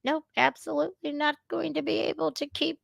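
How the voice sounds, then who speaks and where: Woman host, high voice, dry close sound, blunt, profane, ranting reaction commentary. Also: flat delivery, fairly quick, creaky, no echo. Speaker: commentator reacting to news clips.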